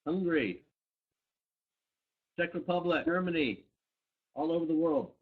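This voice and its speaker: A man's voice: high-pitched, wildly swooping pitch, a little slow, gravelly. A man co-hosting a live company webcast, upbeat, greeting viewers by name and location. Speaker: company co-founder hosting a live product training. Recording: dull lo-fi webcast audio.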